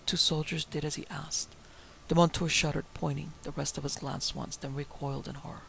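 A male narrator reads an adventure tale in a dramatic, measured way. His voice is strongly gravelly and sits a little high. Faint noise hums underneath. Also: flat delivery, fairly bright tone, low-quality recording. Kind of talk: audiobook narration.

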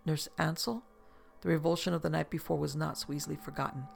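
A storybook narration read in a measured, steady way. The voice is heavily gravelly and full of fry, at an ordinary middle pitch. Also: soft background music. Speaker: audiobook narrator. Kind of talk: scripted narration of a novel.

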